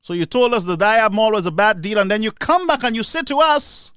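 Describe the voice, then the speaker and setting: A man's voice: high voice, a little fast, fairly bright tone, clear, resonant tone, no room sound, clean studio sound. A man with a Saint Lucian accent giving an impassioned political speech, sarcastic and mocking. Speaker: political commentator.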